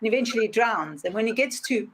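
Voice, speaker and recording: Animated woman podcast host. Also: on the high side, fast, breathy edge. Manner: animated storyteller, acts out voices in anecdotes. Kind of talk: casual interview talk.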